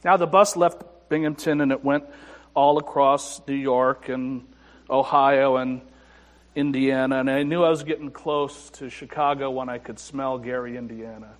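A male pastor telling a personal story in a sermon, moving between quiet reflection and emphatic moments. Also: mid-range voice, fairly even intonation, normal speed, big-room sound.

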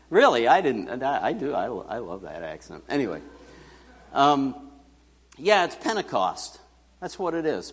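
Male pastor, casual joking sermon, quizzes the congregation, animated pitch, long church reverb. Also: husky. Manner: conversational, joking, asks the congregation questions. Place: church hall.

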